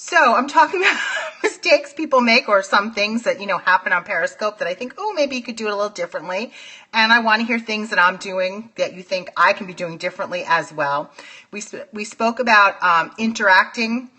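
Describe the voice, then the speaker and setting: A woman's voice: medium pitch, a little fast, bright, forceful tone. A woman with a New York accent hosting a casual phone livestream from home, gushing as she greets viewers by name. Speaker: livestream host.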